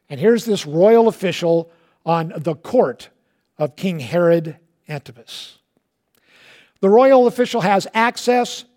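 High-voiced preacher telling a story. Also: male voice. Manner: animated storytelling with big swings from loud to hushed; colloquial asides. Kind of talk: sermon.

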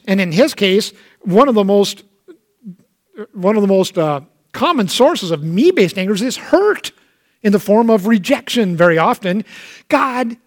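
A man preaching a sermon in a light, high voice. He talks casually, like he's chatting with the congregation, and slips into dramatic voices when he quotes someone. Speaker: pastor.

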